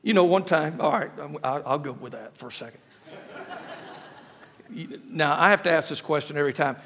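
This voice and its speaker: Preaching as a guest in a church sanctuary, a middle-aged man tells funny stories and repeats phrases with rhetorical questions, his words echoing with long reverb through the hall. His voice is on the high side, creaky, fairly bright, and a little fast.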